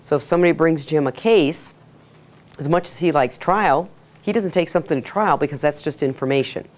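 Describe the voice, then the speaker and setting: A woman teaching a sales workshop to a live audience, energetic, asking the room questions and acting out quotes. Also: sits low, a little fast. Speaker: sales trainer. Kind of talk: workshop lecture.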